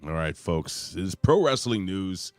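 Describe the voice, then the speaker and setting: A man's voice: low-pitched, big pitch swings, unhurried, loud music behind the voice. A man hosting a casual wrestling podcast, talking in a boisterous, hype-man way with plenty of swearing. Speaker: podcast host.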